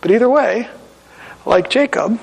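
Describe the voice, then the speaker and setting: A man's voice: very high voice, unhurried, gravelly, husky, big-room sound, rough recording. A male pastor preaching a sermon in a conversational, storytelling manner in a church sanctuary.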